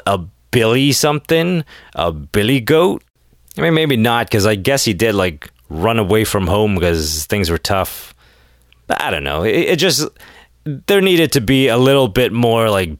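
A man with a low, fairly deep voice talks solo in a loose, rambling rant full of "like" and sarcastic asides. He sounds a little tired, as it is late at night. The sound is dry and close, with no room echo. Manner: rambling and sarcastic, heavy use of "like". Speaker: podcast host.

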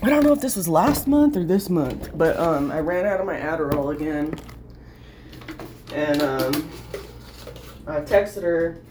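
A woman's voice: low voice, lively intonation, unhurried, long pauses, background noise. Candid rambling young woman vlogger. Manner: candid, rambling, many fillers, swears. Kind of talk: casual storytime chat.

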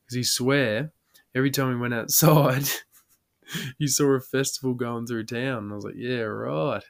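A man's voice: mid-range voice, steady tone, a little slow, creaky, long pauses. An Australian man hosting a podcast, telling a rowdy pub story casually, swearing and laughing as he acts out the people in it. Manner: swearing, laughing yarn-teller with quoted voices. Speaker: podcast host.

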